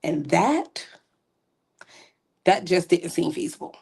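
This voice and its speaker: A woman speaks as a podcast guest, telling her faith testimony candidly and earnestly. Her voice sits a little low, and she drops easy, casual asides between the heavier moments. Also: lively intonation, slow, creaky, a little mellow, slightly rough.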